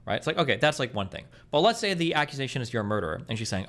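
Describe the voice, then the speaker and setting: A man streaming, venting in fast, profane, exasperated casual chat. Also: medium pitch, big pitch swings, fairly bright tone. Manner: rapid, profane, exasperated ranting.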